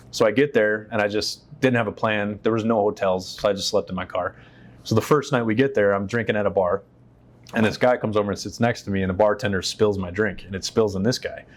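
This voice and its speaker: A military veteran with a lowish voice talks quickly as an interview guest on a stage in his shop. He tells personal stories casually and candidly, swears freely and acts out the voices of people he quotes.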